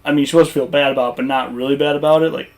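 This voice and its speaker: A gaming YouTuber talking casually over gameplay footage, rambling and conversational with lots of fillers and restarts. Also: male voice, medium pitch, fairly even intonation, very fast.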